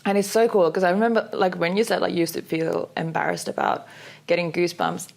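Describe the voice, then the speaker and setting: A young woman with a slightly low voice chats casually on a podcast. She talks in loose, looping sentences packed with "like" fillers and little giggles. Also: fairly even intonation, fast talker, vocal fry, a little mellow. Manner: chatty, full of "like" fillers, giggly. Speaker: podcast co-host. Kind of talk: casual chat.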